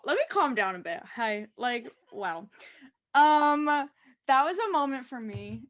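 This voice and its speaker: Animated young woman gushing over TV. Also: sits high, slow pace, dry recording, clean studio sound. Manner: animated, gushing, exclaims and trails off. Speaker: co-host. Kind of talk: casual TV episode discussion.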